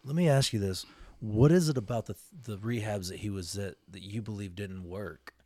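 A man's voice: on the low side, normal speed, a little mellow, no echo. A man hosting a podcast interview, asking direct questions and offering his own views. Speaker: podcast host. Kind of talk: casual interview.

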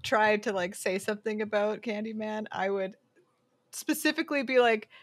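A woman's voice: mid-range voice, normal speed. Giggly chatty woman podcast host. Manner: giggly, chatty, trails off with fillers. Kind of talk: casual chat.

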